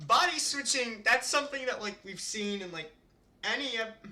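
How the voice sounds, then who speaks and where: Bright-voiced man reading a visual novel. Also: very high-pitched, normal speed. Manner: chatty, rambling, laughs often. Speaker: streamer.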